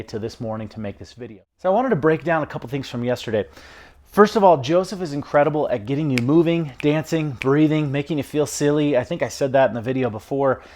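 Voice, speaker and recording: A man's voice: medium pitch, a little mellow. Enthusiastic man recording a video diary. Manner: enthusiastic, earnest. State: out of breath. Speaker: vlogger. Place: at home.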